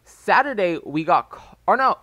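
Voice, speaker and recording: A young man in his early twenties tells a meandering story while he plays, leaning on fillers as he goes. His voice sits a little high and sounds bright and forward. It is recorded close and dry on a desk microphone. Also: sing-song, normal speed, no echo. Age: early 20s. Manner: rambling, loose and chatty, full of "like" and "um". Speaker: gaming YouTuber. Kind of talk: casual storytelling over gameplay. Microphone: desk microphone with a phone as backup.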